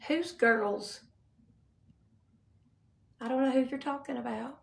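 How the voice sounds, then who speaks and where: A woman's voice: high-pitched, slow pace, gravelly, roomy sound, far from the mic. A grieving woman, talking on a livestream, often dropping to a whisper. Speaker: livestream host. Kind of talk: casual livestream talk.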